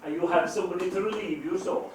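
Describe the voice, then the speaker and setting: A man's voice: sits high, quick pace, natural voice. A man playing a kind, apologetic stranger in an amateur stage play, heard from far off on an echoey stage. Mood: humble. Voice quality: soft-spoken and apologetic. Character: kind, humble wandering stranger. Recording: echoey stage recorded from far off with faint hiss.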